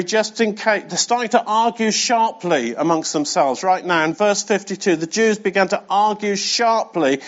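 A male preacher with a high voice delivers a sermon in a casual, conversational style. He talks straight to his listeners and drives points home by repeating them. The recording is muffled and lo-fi. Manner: conversational, speaks directly to the congregation; emphatic, repeats key phrases. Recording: dull lo-fi sound.

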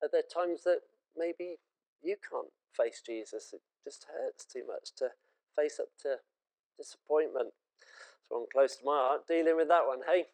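A man's voice: a little high, measured pace, darkish tone, low-quality recording. A British man preaching a sermon in an earnest, conversational and emotive way.

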